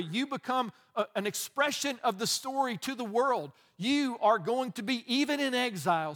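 A man's voice: high-pitched, fairly bright tone. A middle-aged man preaching a conversational sermon as a pastor, often chuckling and adding asides.

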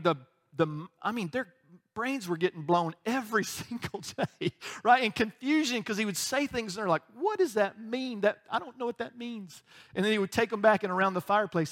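A male pastor preaching a conversational sermon, joking and acting out quick voices, often checking in with "right?". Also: sits high, fairly bright tone.

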